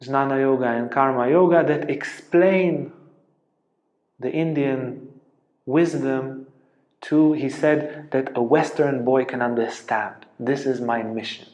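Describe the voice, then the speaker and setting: A man giving a spiritual lecture as a teacher, telling stories earnestly and dropping to a soft hush at tender moments. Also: medium pitch, steady tone, slow pace. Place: ashram lecture room. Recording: roomy, echoey lecture room.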